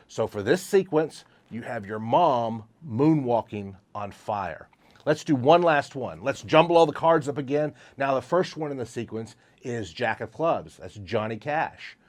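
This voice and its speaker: A man, a memory trainer, explaining a card-memorizing technique step by step in an upbeat instructional way. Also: mid-range voice. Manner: upbeat, walks through examples step by step.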